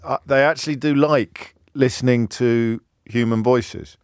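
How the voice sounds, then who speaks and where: Male phone-in host, playful and quick, dry close studio mic. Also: medium pitch, steady tone, clear, resonant tone, dry recording. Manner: quick, jokey, teasing banter with callers. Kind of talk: live radio phone-in chat. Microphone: studio microphone.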